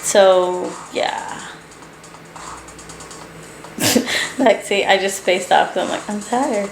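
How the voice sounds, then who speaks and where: Late at night in her living room, a sleepy, yawning young woman who vlogs about doll collecting chats to camera, rambling and laughing. Her lowish, gravelly voice is flat and drags out words, captured in a low-quality recording from an echoey room with faint music behind.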